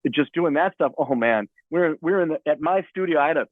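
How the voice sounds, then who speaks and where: A man's voice: a little high, animated, a little fast, dry recording. A man telling a rambling, profanity-laced story as a podcast guest, repeating himself as he goes, over a tinny phone-like line. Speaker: guest musician. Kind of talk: casual storytelling.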